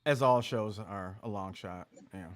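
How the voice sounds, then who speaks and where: A man's voice: lowish voice, measured pace. A male comedian in casual podcast chat, telling stories with lots of laughter. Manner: animated, laughs through his stories.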